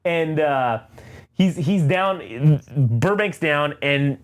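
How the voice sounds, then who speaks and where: A man co-hosting a comic book podcast, recapping an issue in a loose, profane, animated way with quick character voices. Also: a little high. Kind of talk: casual comic recap chat.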